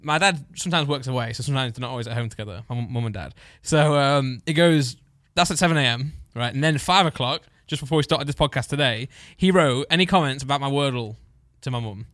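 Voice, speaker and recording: A young man co-hosting a casual podcast. He bounces through playful banter and breaks into laughter easily. His voice sits at an ordinary pitch, recorded close and dry. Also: fast, hardly any pauses, a bit bright, no echo. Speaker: podcast co-host. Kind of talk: casual chat.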